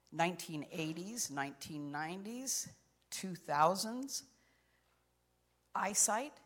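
An older woman with a low voice delivers a heartfelt sermon, encouraging her listeners through personal stories. Her words carry a long, ringing reverb from a church hall. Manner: earnest, personal storytelling with encouragement. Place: church sanctuary.

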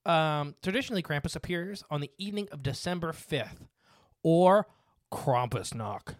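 A man's voice: on the high side, expressive, moderate pace, no room sound, clean studio sound. A man hosting a casual podcast, reading from notes with frequent fillers and restarts. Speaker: podcast host.

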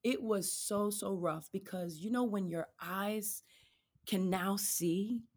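A woman, a podcast guest giving candid, lively testimony about her faith and marriage, acting out the voices of the people in her story. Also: medium pitch, slow. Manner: animated storyteller, acts out quoted voices; addresses listeners as "y'all".

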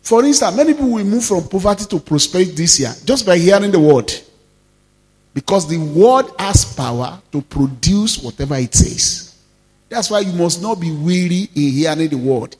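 A male pastor preaches with force, stretching key words and calling on his listeners to answer. His voice sits high for a man. The sound carries a long reverb, as in a church hall. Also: animated, a little mellow. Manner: emphatic preaching, calls out to the congregation, drawn-out stressed words. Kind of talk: sermon.

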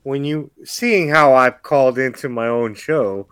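Excitable male podcast co-host. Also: medium pitch, unhurried, clean tone, dry recording. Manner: excitable, jokey. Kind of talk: casual comedic banter.

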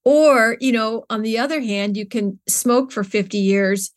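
A woman's voice: fairly high pitch, a little slow. A middle-aged woman speaking as an interview guest, earnest and searching, often restarting her sentences with fillers. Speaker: interview guest, nonprofit co-founder. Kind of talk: conversational interview.

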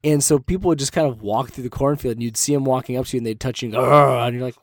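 A man's voice: medium pitch, racing, darkish tone, no echo. A man co-hosting a podcast, telling stories animatedly, swearing freely and acting out the quotes. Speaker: podcast co-host. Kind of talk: casual storytelling chat.

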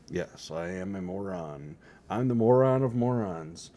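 A slightly hoarse man with a very low, mellow voice talks alone at his desk to his webcam. He rambles from topic to topic, teasing himself in a loose, jokey way. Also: lively intonation, a little slow, no room sound. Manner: self-mocking, jokey, drifts between topics. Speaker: solo vlogger. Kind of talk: rambling casual monologue to camera. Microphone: desk setup facing a webcam.

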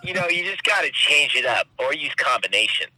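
A man's voice: medium pitch, animated, brisk, bright, forceful tone, no room sound. A man on a phone call impersonating a washed-up film actor, speaking in a laid-back, offhand way. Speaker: phone caller in a comedy bit.

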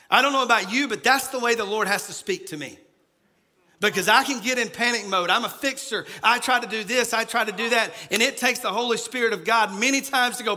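High, bright-voiced male pastor preaching. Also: brisk. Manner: preaching, acts out quoted words in a hushed voice. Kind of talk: sermon.

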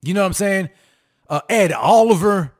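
Energetic male sports show host with a high-pitched voice, talks straight to the fans and repeats lines for punch. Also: normal speed. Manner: hyped, repetitive, sing-song emphasis, calls out to audience. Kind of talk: fired-up sports commentary to fans.

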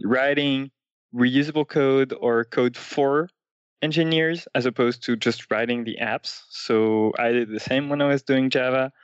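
Guest, male, middle pitch, thoughtful and halting, dull lo-fi dry sound. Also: clean tone, dry recording. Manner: thoughtful, many "um" pauses. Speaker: podcast guest, UI engineer. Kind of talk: casual tech interview. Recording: dull, lo-fi dry remote mic.

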